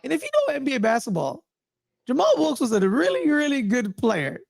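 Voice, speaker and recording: A man co-hosting a casual TV review podcast, talking in a lively, teasing way and acting out scenes. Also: very high-pitched, a little fast, gravelly, dry recording, clean studio sound. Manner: animated, teasing, acts out scenes. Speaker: podcast co-host.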